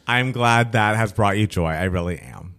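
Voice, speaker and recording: A man's voice: fairly low pitch, unhurried, a bit bright. A man co-hosting a podcast in casual chat, telling stories in an enthusiastic, reflective way. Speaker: podcast co-host.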